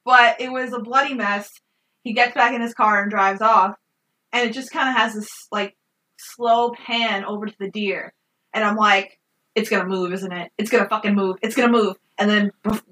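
A woman co-hosting a casual film review podcast, animated and swearing freely. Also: on the high side, recorded from a distance. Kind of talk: casual chat.

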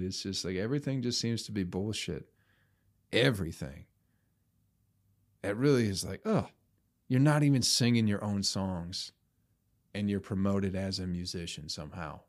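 A man's voice: fairly low pitch, a little mellow. A man hosting a comedy podcast, talking in a casual, profane, ranting way.

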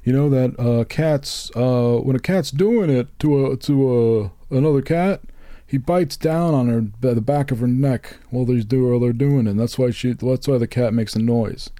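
A man's voice: mid-range voice, moderate pace, warm tone, no room sound, clean studio sound. A man co-hosting a podcast, rambling crudely and jokingly in a casual comedic chat. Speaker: podcast co-host.

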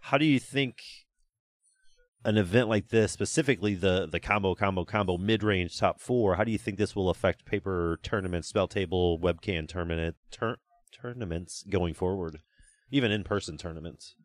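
A deep-voiced man hosts a casual podcast, posing loose, relaxed questions to his co-hosts. The sound is dry and close. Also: normal speed, no echo. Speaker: podcast host.

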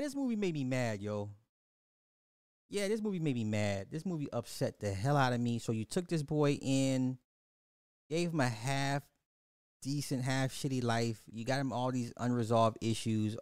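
A man's voice: medium pitch, darkish tone, clear, resonant tone, no room sound, studio quality. A man hosting a podcast, animatedly recapping a movie, repeating phrases and acting out the characters. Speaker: podcast host. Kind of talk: casual movie recap commentary.

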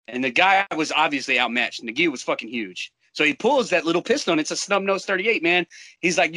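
A young American man casually telling a profane, animated war-buddy story, laughing often. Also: fairly high pitch, brisk, no echo, low-quality recording.

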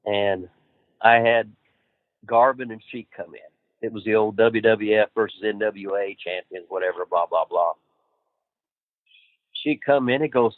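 A man's voice: on the low side, a little slow, long pauses, dry recording. Profane storytelling man on a phone line. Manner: profane, animated, laughs at his own stories. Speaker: wrestling trainer, guest. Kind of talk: casual storytelling interview. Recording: dry tinny phone-like line.

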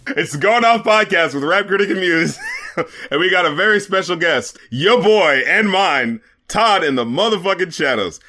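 A man's voice: high-pitched, expressive, moderate pace, pushed and bright. A man co-hosting a podcast in casual chat, laughing often and acting out quotes in exaggerated voices. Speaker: podcast co-host.

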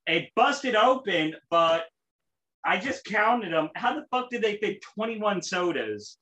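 A man's voice: high-pitched, sing-song, slow, sharp tone, muffled recording. A young man hosting a casual podcast, profane, rambling and exasperated. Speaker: podcast host.

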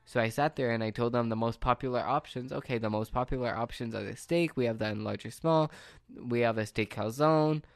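A man's voice: medium pitch, fairly quick, creaky, dry recording, clean studio sound. A man working the phones at a pizza shop, ranting sarcastically about customers in a casual, rambling monologue. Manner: exasperated, sarcastic, rambling with restarts.

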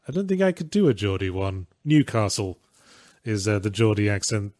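A man's voice: on the low side, very animated, moderate pace, a little mellow, dry recording. A man co-hosting a casual stream, reading out donations with dry, wry asides.

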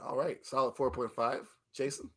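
A man's voice: mid-range voice, flat delivery, normal speed, fairly bright tone, slightly rough. A man hosting a casual review chat, playful and laughing often as he teases his co-hosts. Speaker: podcast host.

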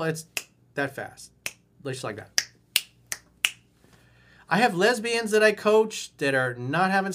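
A man's voice: medium pitch, fairly bright tone. A man working as a dating coach, answering viewer emails in a blunt, emphatic way. He swears, and he acts out the exact lines a viewer should say. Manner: blunt, emphatic, profane and swaggering, acting out lines to say.

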